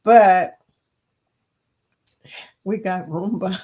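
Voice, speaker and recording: A woman's voice: medium pitch, extremely slow, mellow, husky. Woman host chatting loosely with her live-stream viewers, teasing and laughing often. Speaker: livestream host. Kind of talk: casual chat reading viewer comments.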